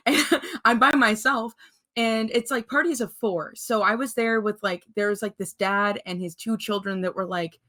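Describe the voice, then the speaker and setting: A woman's voice: on the high side, measured pace, sharp tone. A young woman in her twenties, a podcast guest, telling a story in casual chat and laughing often between her words. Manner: giggly, laughs through her stories.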